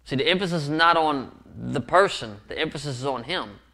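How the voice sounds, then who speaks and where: A man's voice: a little high, a little fast, vocal fry, bright, forceful tone. A man preaching a sermon as pastor, earnest and often repeating words for emphasis. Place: church sanctuary.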